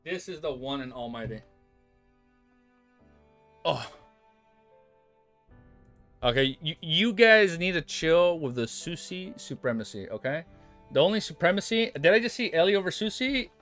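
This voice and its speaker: A young man on a casual livestream, reading a novel aloud and teasing his chat in a playful, animated way. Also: fairly high pitch, a little slow, pauses often, soft background music.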